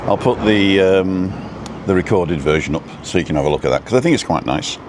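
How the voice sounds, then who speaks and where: A low-voiced man hosts a relaxed live stream outdoors at a roadside food stop. He rambles and greets viewers by name. Faint traffic and building work can be heard behind him. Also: fairly quick. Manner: rambling, reads out viewer names. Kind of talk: casual live-stream chat.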